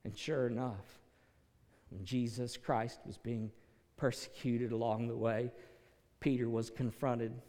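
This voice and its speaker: A man's voice: medium pitch, steady tone, a little slow. Preaching man in a reverberant hall. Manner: dramatic, swings from quiet to shouted peaks. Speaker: pastor. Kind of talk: sermon.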